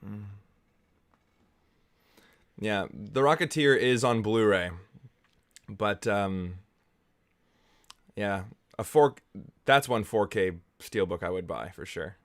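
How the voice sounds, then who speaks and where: A man's voice: lowish voice, slow, long pauses, fairly bright tone. A man hosting a casual movie watch-along commentary, rambling and enthusiastic. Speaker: film reviewer, host.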